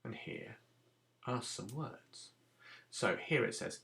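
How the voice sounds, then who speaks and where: A man's voice: mid-range voice, animated, slow, creaky, pauses often, bright, forceful tone. A man teaching a recorded phonics lesson to young children, patiently sounding out letters and giving simple instructions. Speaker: primary school teacher.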